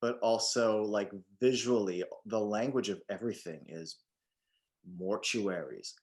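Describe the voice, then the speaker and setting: A man's voice: fairly low pitch, measured pace. Guy in his 40s chatting horror movies, swears a lot, loose and jokey. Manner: profane, joking, loose and rambling. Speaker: podcast co-host. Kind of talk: casual chat.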